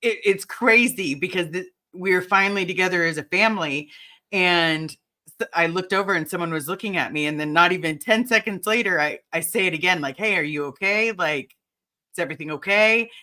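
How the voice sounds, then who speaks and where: A woman hosting a casual podcast chat, speaking earnestly and supportively, with halting restarts. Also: fairly low pitch, pushed and bright.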